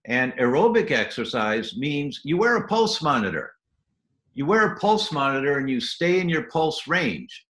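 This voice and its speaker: This guest doctor has a fairly high, sing-song voice with a fairly bright tone, speaking at normal speed in a reverberant space. Full of enthusiasm, he breaks down health habits step by step for the interview and occasionally dramatizes little moments in quoted voices.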